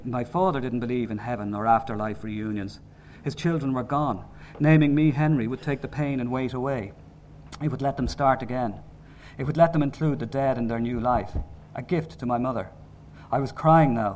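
A man reading a novel aloud in measured, sombre narration. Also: mid-range voice, a little mellow, slight background noise. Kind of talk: audiobook narration.

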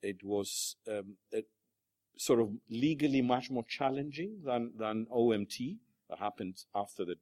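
A man's voice: mid-range voice, darkish tone, no echo. A man giving an academic presentation at a panel, hesitant with many fillers and restarts. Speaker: panel speaker.

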